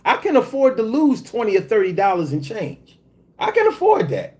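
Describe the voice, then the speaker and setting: Animated man chatting on a livestream. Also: moderate pace. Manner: animated, swings high when telling stories; profane and joking. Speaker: livestream host reading chat. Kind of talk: casual livestream chat.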